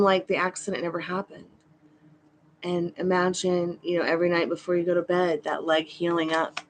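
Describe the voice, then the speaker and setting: A woman's voice: on the low side, slight background noise. A woman hosting a live tarot reading stream, chatty and reassuring as she greets viewers by name. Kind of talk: casual live-stream chat.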